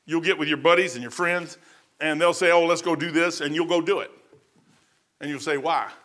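A man's voice: on the high side, pushed and bright. A man in his fifties or older giving an informal sermon as a preacher, rambling and conversational, losing his place in his notes and acting out the people in his stories. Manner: acts out the people in the stories with quick changes of voice.

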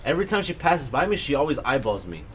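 Animated young man telling a story. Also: mid-range voice, quick pace, a little hiss or hum. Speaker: podcast host. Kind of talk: casual chat.

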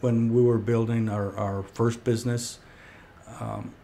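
A man's voice: mid-range voice, a little slow, gravelly, a little hiss or hum. Storytelling man in a conference room. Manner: storytelling, animated when quoting people. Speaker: podcast host. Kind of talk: casual conversation. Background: heater running.

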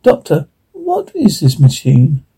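A man reading the part of a kindly, motherly grown woman, with a husky voice. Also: fairly high pitch, wildly swooping pitch, slow pace, warm tone, full character voice.

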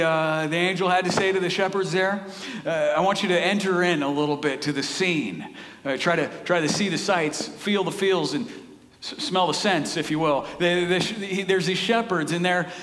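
A man preaching a sermon in an earnest, animated way, often repeating words as he builds a point. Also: sits high. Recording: echoey hall, reverberant.

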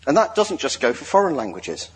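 A man giving a sermon in a joking, lively way, drawing the congregation into an exercise. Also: fairly high pitch, brisk, slight background noise. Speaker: lay preacher. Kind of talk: sermon with audience participation.

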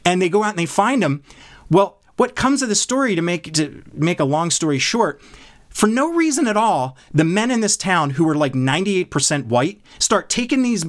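A man in an animated casual discussion, passionately retelling a show's plot while clearly worked up about it. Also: sits high, normal speed.

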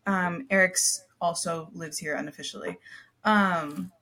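Her voice is on the low side, steady and sharp, and she speaks a little slowly. A young woman co-hosting a podcast, she chats casually and tells stories, peppered with fillers and frequent laughter.

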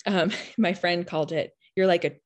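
Mom chatting, kinda low voice, lots of likes and you knows. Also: female voice, steady tone, moderate pace. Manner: rambling, filler-heavy, reflective. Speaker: mother. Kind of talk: casual chat.

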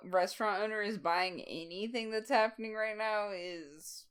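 A woman's voice: medium pitch, normal speed, smooth. A woman co-hosting a casual podcast, playfully chiming in with jokes about a TV episode. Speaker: podcast co-host. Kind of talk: casual chat.

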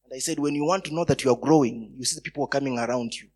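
A man preaching a sermon, telling stories and breaking into loud bursts of emphasis. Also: mid-range voice, rapid-fire.

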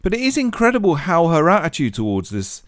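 A man with a mid-pitched voice who rants and mocks, swearing freely. His intonation jumps about a lot. The sound is dry and close. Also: huge pitch swings, brisk, no room sound. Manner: swearing, ranting, mocking. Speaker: podcast co-host. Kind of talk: casual comedic chat.

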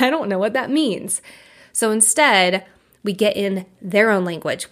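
A woman's voice: mid-range voice, a bit bright. A young adult woman life coach hosting a podcast, talking candidly and emphatically in a casual monologue, with the odd curse word.

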